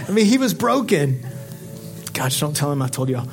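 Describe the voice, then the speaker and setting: A man preaching a sermon, swinging from impassioned exhortation to quiet, confiding storytelling. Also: a little high, big pitch swings, normal speed, faint music behind. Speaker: pastor.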